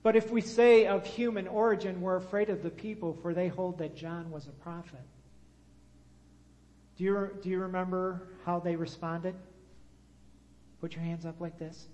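A man's voice: high voice, steady tone, normal speed, pauses often, darkish tone. A man preaching a sermon and drawing his congregation into call-and-response. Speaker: pastor. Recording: long hall reverb.

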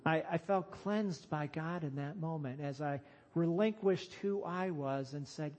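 Man, pastor, sermon, high voice, slow emphatic delivery. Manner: slow, emphatic preaching that rises to loud calls.

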